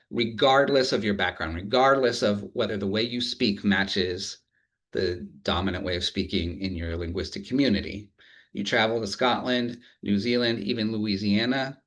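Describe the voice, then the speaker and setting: A man giving an academic lecture in a relaxed, humorous way, with frequent fillers and self-corrections. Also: on the low side. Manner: relaxed, humorous, thinks aloud with many restarts. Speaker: university lecturer.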